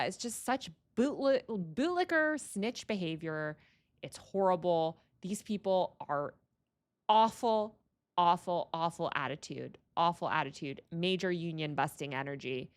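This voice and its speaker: A woman hosting a livestream, ranting in a heated, exasperated way and repeating phrases for emphasis. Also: lowish voice. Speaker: livestream host.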